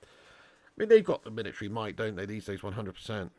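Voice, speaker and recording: A man's voice: lowish voice, very animated, fast, warm tone, no room sound. A man hosting a live football watch-along, reading out viewer messages and joking with cheeky boasts and lots of laughter. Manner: banter-heavy, laughs often, joking boasts. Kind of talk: live-stream chat reading super chats.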